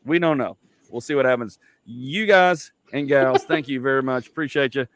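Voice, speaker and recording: A man's voice: medium pitch, moderate pace, fairly bright tone, no echo. A middle-aged man hosting a podcast from home, talking loosely with lots of fillers and jokes. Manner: loose, rambling, joking, many fillers. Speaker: podcast host. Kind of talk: casual podcast chat.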